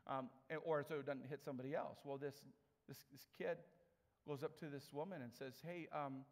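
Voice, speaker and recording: A man's voice: mid-range voice, fairly quick. A man preaching a sermon in a chatty storytelling way, acting out the people in his stories. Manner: conversational storytelling with animated quoted voices. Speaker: pastor. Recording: long reverb of a large hall.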